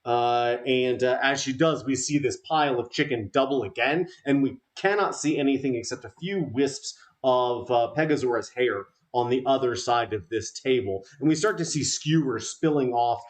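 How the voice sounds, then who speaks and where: A man narrating as game master for a tabletop game, halting and full of fillers. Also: mid-range voice.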